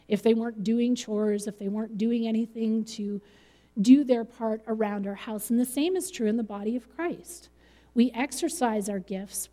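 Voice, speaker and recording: A woman's voice: fairly high pitch, warm tone. Woman preaching in a reverberant church hall. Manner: conversational preaching with light laughs. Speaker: pastor. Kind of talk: sermon.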